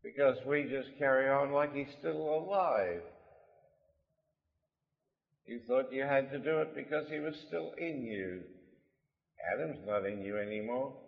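A man preaching a sermon, emphatic, repeating his key lines and swinging between loud and soft delivery. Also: medium pitch, measured pace, vocal fry, pauses often. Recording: lo-fi recording in a reverberant hall.

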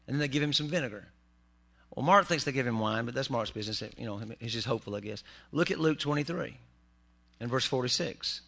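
A man's voice: medium pitch, expressive, fast, gravelly, fairly bright tone. A man preaching a humorous sermon in a church, with joking asides to the congregation. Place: church sanctuary.

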